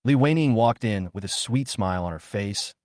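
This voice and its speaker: A man narrating a first-person story recap in a calm, steady storytelling manner. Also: on the low side, moderate pace, dry recording, studio quality.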